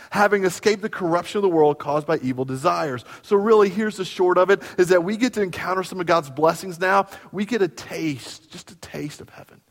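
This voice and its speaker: A man preaching a sermon in a church, telling stories and moving from quiet moments to loud ones. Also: high-pitched, long reverb tail. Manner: storytelling, animated, swinging from quiet to loud. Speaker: pastor. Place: church sanctuary.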